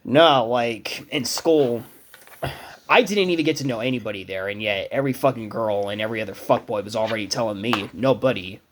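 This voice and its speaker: A young man hosts a podcast, telling stories in a casual, profane and animated way. His voice is medium-pitched and fairly quick.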